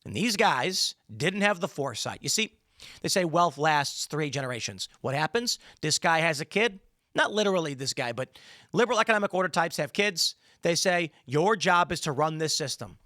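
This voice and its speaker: A man's voice: a little high, expressive, moderate pace, pushed and bright, no echo, studio quality. A man in his thirties hosting a solo political commentary show, talking emphatically with rambling, sarcastic asides.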